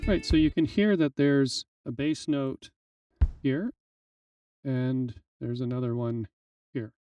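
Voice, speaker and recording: A man teaching drum programming in a relaxed, explanatory way, with frequent fillers, in a screen-recorded software tutorial. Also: mid-range voice, slow pace, distant mic, lo-fi sound, faint music behind. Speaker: music tutorial instructor.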